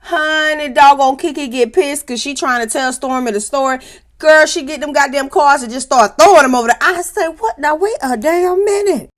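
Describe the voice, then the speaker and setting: A woman hosting a casual reality TV recap, telling it in a lively, profane way and acting out the quotes. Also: high voice, fairly quick. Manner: animated, profane, laughing storyteller acting out quotes.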